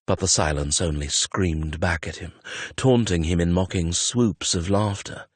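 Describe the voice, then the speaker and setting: A man's voice: sits low, a little slow, slightly rough, no room sound. A man reading a romance audiobook in a tense, dramatic narration on a close studio mic. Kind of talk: scripted narration.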